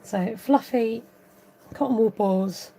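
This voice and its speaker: A woman with a fairly high, mellow voice and some vocal fry speaks slowly over slight background noise. At home, she chats casually and giggles while working through a papercraft tutorial.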